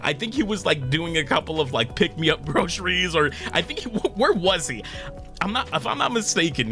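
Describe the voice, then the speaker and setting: A male streamer talks in a loose, casual way, and his voice swings widely up and down in pitch. He laughs often and swears without a second thought. Faint music sits behind him. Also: pushed and bright. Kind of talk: casual anniversary stream talk.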